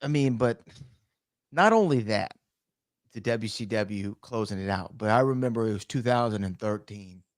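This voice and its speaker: Man in a dry, lively podcast chat. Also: fairly low pitch, normal speed, dry recording. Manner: lively storytelling, acts out phone calls. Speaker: podcast co-host. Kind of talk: casual chat, reading viewer comments.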